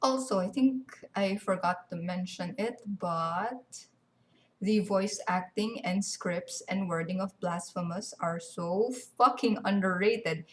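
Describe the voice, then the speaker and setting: A woman's voice: medium pitch, slow pace. A young woman, ranting animatedly and sarcastically in casual game commentary, swearing freely. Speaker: gaming video commentator.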